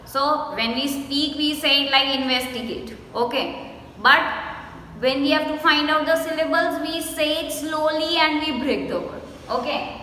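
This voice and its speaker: A woman with an Indian English accent teaching an English lesson slowly. She spells words out letter by letter and draws syllables out. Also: sits high, sharp tone. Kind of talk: recorded classroom lesson. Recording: echoey room with faint noise.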